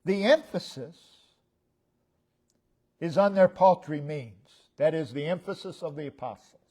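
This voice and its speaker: A man preaching a sermon as pastor, stressing single words and swinging between loud and soft. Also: on the high side, measured pace. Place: church sanctuary.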